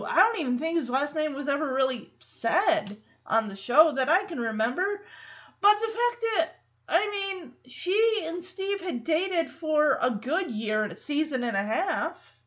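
A woman with a high voice hosts a podcast in casual chat, rambling through an episode recap and slipping into the characters' lines. The recording sounds dull and lo-fi. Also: a bit bright. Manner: chatty, rambling, acts out quoted lines. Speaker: podcast host.

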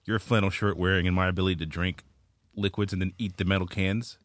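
A man's voice: low-pitched, fairly even intonation, quick pace, no echo. A man performing an improvised comedy scene, rambling and hesitant as he riffs.

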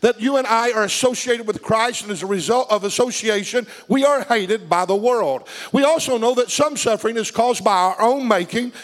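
A man's voice: high-pitched, normal speed, hardly any pauses. A man preaching a sermon, reading scripture and putting questions to his congregation.

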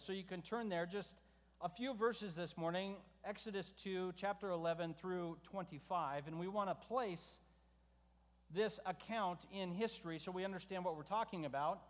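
A man preaching a verse-by-verse sermon, conversational, often asking the congregation questions and shifting his pitch for emphasis. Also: moderate pace. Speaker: pastor. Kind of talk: expository sermon. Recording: reverberant hall sound.

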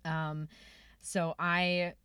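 A woman's voice: on the low side, little pitch movement, very slow, sharp tone, clean tone, dry recording. A woman co-hosting a podcast, talking casually with lots of fillers and asides. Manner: chatty, self-correcting, frequent "like" and "um". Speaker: podcast co-host. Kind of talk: casual chat.

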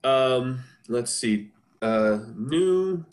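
A man in his forties hosting a casual chat over a video call, an animated storyteller who laughs often. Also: on the high side, moderate pace. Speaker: podcast host. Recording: roomy echo.

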